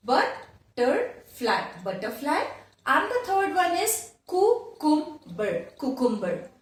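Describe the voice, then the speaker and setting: A woman teaching a grammar lesson to children, repeating each word slowly several times. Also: high voice. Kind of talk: slow classroom lesson for children. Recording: very echoey room, voice from far off.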